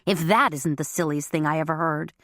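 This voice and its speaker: A woman's voice: low voice, fairly quick, fairly bright tone, dry recording, studio quality. A woman voicing a fussy, doting older mother who is easily exasperated, in a storybook reading. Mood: patient. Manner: exasperated, prim.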